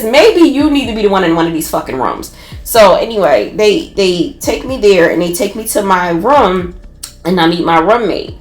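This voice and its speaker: A woman with a Philadelphia accent telling a personal story in a casual, animated, profane way. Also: on the low side. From North Philadelphia. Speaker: podcast storyteller. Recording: roomy echo.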